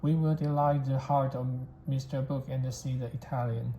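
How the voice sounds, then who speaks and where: A reader voicing a calm, polite detective asking probing questions, in a storybook reading recorded in an echoey room. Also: medium pitch, moderate pace, dull audio, lightly acted. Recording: echoey room, faint background hiss.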